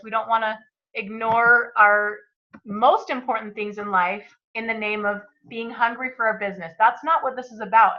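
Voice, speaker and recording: A woman co-hosting an online book club, summing up a chapter in an upbeat, emphatic, motivational way. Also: fairly high pitch. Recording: muffled, lo-fi audio.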